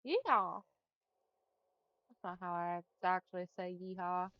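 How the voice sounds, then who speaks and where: Chatty young Texan woman, smooth voice. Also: medium pitch, moderate pace, dry recording, dull audio. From Texas. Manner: chatty, drawling, says y'all and like a lot. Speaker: streamer. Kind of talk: casual chat while gaming.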